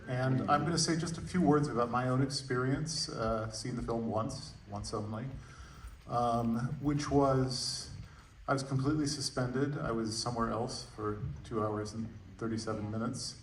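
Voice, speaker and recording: A man moderating a post-screening Q&A, musing aloud with many pauses and fillers. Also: medium pitch, a little hiss or hum. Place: movie theater stage. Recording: roomy, distant theater audio.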